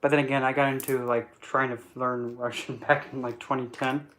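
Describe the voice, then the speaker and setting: A man's voice: medium pitch, little pitch movement, brisk, fairly bright tone, poor audio. A man chatting casually in a Q&A, rambling, joking and breaking off mid-thought, on an in-ear mic. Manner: rambling, jokey, self-interrupting. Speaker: vlogger and spiritual instructor. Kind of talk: casual Q&A chat. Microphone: in-ear headset mic.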